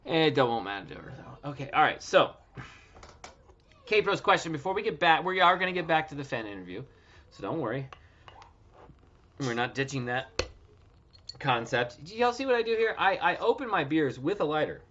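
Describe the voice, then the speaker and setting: A man's voice: a little high, expressive, moderate pace, pauses often, a bit bright, slight background noise. A man in his thirties hosting a casual livestream from home, loose, joking and profane. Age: 30s. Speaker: livestream host. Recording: dull lo-fi stream audio.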